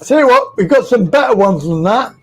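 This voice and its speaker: A man's voice: high voice, expressive, fairly quick, faint music behind, poor audio. A man hosting a casual live stream from home, being silly, giggling and greeting viewers by name.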